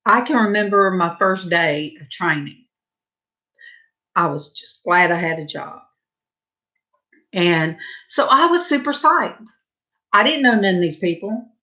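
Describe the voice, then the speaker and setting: A middle-aged woman with a Southern accent, telling rambling, chatty stories in a casual vlog and brightening her voice whenever she quotes herself. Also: lowish voice, lively intonation, unhurried, long pauses, dull audio. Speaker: vlogger. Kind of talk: casual storytelling.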